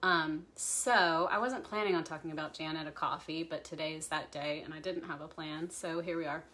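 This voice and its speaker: A young woman pastor in a casual livestream chat, remembering someone dear in a reflective, halting way, with many ums and restarts. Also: low voice, steady tone, sharp tone.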